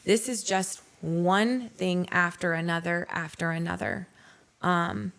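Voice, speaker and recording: Low, gravelly woman telling her story. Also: steady tone, slow pace, a bit bright. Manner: frank, blunt storytelling with swearing. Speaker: podcast guest. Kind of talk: candid personal testimony.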